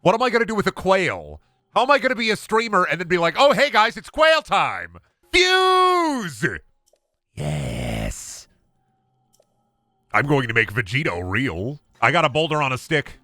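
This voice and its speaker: A young adult man streaming a game, joking and swearing, with sudden loud bursts. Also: fairly high pitch, fast, no echo, clean studio sound. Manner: lively, swearing, jokey, shouts in bursts. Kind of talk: gameplay commentary.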